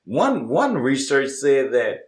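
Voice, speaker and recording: A man co-hosting a casual chat, animated and laughing, with emphatic swings in delivery. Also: mid-range voice, slow. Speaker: co-host. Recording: roomy room echo.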